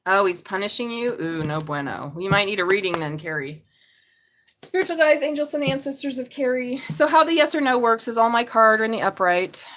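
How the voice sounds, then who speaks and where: A woman's voice: fairly high pitch, animated, a little fast, a bit bright, slight background noise. A woman doing a live tarot reading, chatty and blunt, swearing and laughing as she talks. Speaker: tarot reader.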